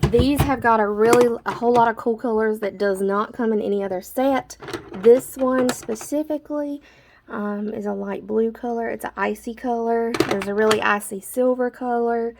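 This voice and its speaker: A chatty woman walks through her art supplies in an easygoing vlog, a little out of breath, with plenty of filler words. Her voice has a gravelly, fry-tinged edge, and a faint hiss sits under the recording. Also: on the high side, steady tone, normal speed. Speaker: artist showing her drawing supplies. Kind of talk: casual show-and-tell vlog.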